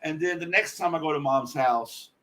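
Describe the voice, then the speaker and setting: A man guest on a podcast, telling a personal story in a blunt, profane, animated way. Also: on the high side, normal speed, a little hiss or hum. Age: adult.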